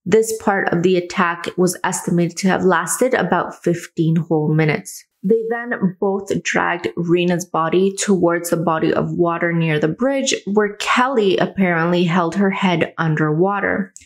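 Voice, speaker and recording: A woman's voice: lowish voice, measured pace, hardly any pauses. A woman hosting a true crime channel, earnestly retelling a case and adding her own comments. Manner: earnest, adds personal comments.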